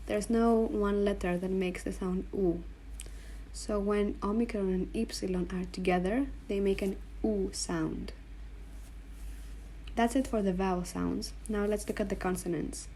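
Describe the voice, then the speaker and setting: Woman, language teacher, slow and patient, mellow tone, faint room noise behind. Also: mid-range voice. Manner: slow, patient, spells out sounds and repeats them. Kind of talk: explaining letters on a board.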